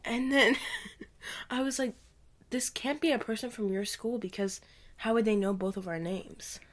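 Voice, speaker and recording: A young woman co-hosting a podcast, retelling a strange phone call in a giggly, casual way and acting out the quotes. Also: fairly high pitch. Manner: giggly, quick, acts out quoted lines. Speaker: podcast co-host. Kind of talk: casual storytelling chat.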